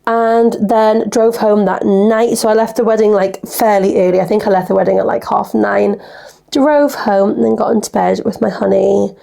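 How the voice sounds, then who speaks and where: Hosting her own casual podcast, a chatty woman in her twenties wanders through stories and performs the dialogue in them. She speaks at normal speed with a warm, gravelly, medium-pitched voice and fairly even intonation.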